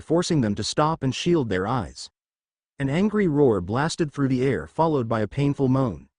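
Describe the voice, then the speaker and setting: A man narrating a fan fiction story with expressive storytelling. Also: mid-range voice, no echo, clean studio sound.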